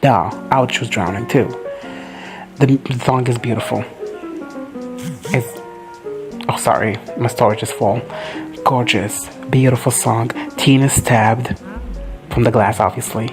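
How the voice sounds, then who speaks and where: Excitable, foul-mouthed man recapping a show. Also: mid-range voice, over music. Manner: excitable, rambling and profane, with quick quoted asides. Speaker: reaction video host. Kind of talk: casual show recap and reaction.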